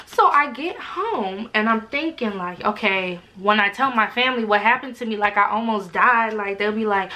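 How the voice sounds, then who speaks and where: A young woman vlogger in her twenties sits at home and talks straight to the camera. She tells her stories in a loose, animated way, full of fillers. Her voice is bright and forward. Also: mid-range voice, moderate pace, hardly any pauses, muffled recording, a little hiss or hum. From Alaska. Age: 20s. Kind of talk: casual storytelling to camera. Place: home room.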